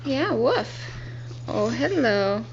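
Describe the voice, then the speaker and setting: A young woman filming at home indoors, gently coaxing a toddler and laughing often. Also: fairly high pitch, very animated, extremely slow, muffled recording, noisy background. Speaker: parent filming her child. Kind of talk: casual home video.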